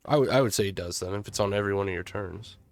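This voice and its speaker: A man running a tabletop game as game master, describing the action in a halting way with many ums and restarts. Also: lowish voice, no echo, soft background music.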